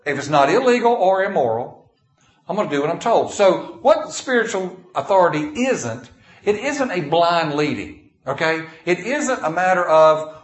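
A man's voice: a little high, expressive, moderate pace. A man preaching a sermon, telling folksy stories and reading scripture in King James wording. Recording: echoey room.

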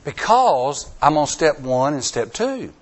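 Male pastor preaching, folksy, repeats himself a lot, goes from hushed to loud and back. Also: on the high side, sing-song, slow. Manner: dramatic swings from hushed to near-shouting; folksy, repeats lines for emphasis. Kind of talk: sermon.

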